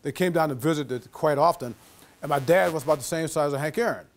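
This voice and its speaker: A man giving a lecture as an animated storyteller, acting out the voices of the people in his anecdote. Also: fairly high pitch, fast. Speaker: guest lecturer.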